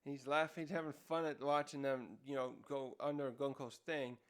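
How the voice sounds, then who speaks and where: A man with a smooth, mid-range voice and fairly even intonation hosts a casual manga review, recapping a chapter. He rambles and hunts for words, filling gaps with lots of fillers, and acts out character lines in quick, raised voices.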